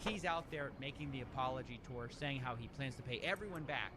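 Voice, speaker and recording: A man narrating a video exposé in a measured, pointed way, at times speaking straight to the viewers. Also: mid-range voice. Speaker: documentary narrator. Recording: video clip with clear background noise.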